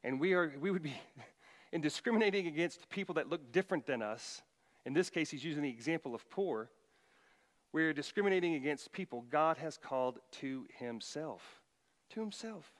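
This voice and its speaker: A middle-aged man preaching a sermon as pastor, emphatic, his voice rising loud for quoted commands. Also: a little high, expressive, moderate pace, in a large hall.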